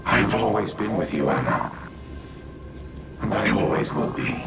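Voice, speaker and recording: A man voicing a grave, ancient male warmind AI in a video game, giving formal, measured commands. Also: deep voice, expressive. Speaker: game character. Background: loud game music.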